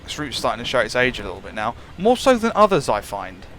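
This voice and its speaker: A man's voice: mid-range voice, wildly swooping pitch, fast talker, a bit bright, a little hiss or hum. A man giving casual, musing commentary while playing a train simulator, chuckling often. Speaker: gameplay channel host.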